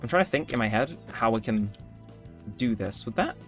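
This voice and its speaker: A man's voice: medium pitch, expressive, normal speed, a bit bright. A man giving rambling, self-correcting commentary while playing a game. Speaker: gaming YouTuber. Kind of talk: casual gameplay commentary. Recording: faint background music.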